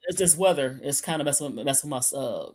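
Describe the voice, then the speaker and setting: A woman's voice: rumbling low, animated, quick pace, darkish tone. A woman from Michigan co-hosting a casual sports chat, rambling and restarting often, speaking from a computer away from her mic. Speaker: sports podcast co-host. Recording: remote call audio, from off-mic.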